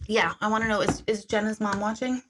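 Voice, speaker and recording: A woman's voice: mid-range voice, fairly even intonation, a little fast, background noise. A middle-aged woman hosting a casual livestream from home, rambling and self-mocking as she talks straight to her viewers. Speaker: host of an intuitive reading livestream.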